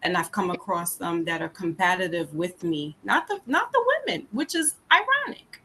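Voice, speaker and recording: Calm, measured female podcast guest, bright voice, faint hiss. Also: fairly low pitch. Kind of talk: casual chat.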